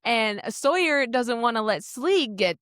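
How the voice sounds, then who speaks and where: A young woman co-hosting a casual book podcast, animated and swearing often as she recaps scenes. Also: fairly high pitch, measured pace, dry recording, studio quality. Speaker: podcast co-host.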